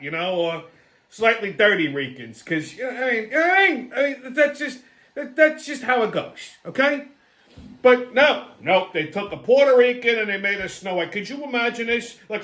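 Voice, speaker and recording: A man hosting his own channel, talking in a blunt, profane, animated rant that swings between loud and quiet. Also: high-pitched. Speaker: host. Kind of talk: casual ranting monologue.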